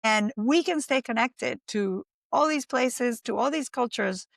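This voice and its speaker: Podcast guest, woman from Argentina, fry in her voice, energetic storyteller, dry room. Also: on the high side, a little slow, dry recording. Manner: animated storyteller, acts out quoted voices. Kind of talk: casual interview talk.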